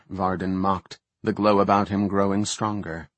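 A man reading a fantasy audiobook in a measured, steady way. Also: sits low, no room sound. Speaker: audiobook narrator.

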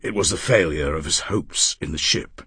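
A man's voice: very deep voice, moderate pace, bright, forceful tone, husky, no room sound, pitched below the performer's own voice, heavily acted. A man voicing a grieving young man who speaks coldly and stiffly, in audiobook character reading. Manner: clipped, cold.

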